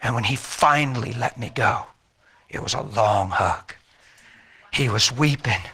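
A man telling an emotional personal faith story in an animated way, repeating words and acting out what people said. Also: mid-range voice, measured pace, breathy edge. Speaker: speaker sharing a personal faith testimony.

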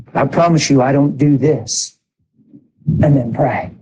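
A man preaching a sermon in an animated way, exhorting the congregation with asides. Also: mid-range voice, measured pace, breathy edge, rough recording.

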